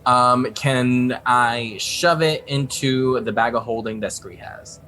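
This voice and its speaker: Bright, tentative male player. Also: mid-range voice, slow pace, a little hiss or hum. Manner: tentative, asking permission. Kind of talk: casual tabletop game chat.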